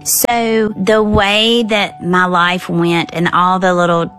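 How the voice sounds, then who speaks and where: Animated Southern woman telling a story. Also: lowish voice, takes it slowly, faint music behind. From American South. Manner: lively, animated storytelling with acted quotes. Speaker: storyteller guest. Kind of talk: personal storytelling.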